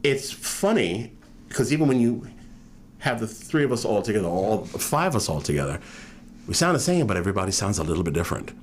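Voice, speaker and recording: A man with a non-regional American accent, a guest author telling animated stories in a casual interview. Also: fairly low pitch, brisk, a little hiss or hum. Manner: animated storyteller, drops into impressions.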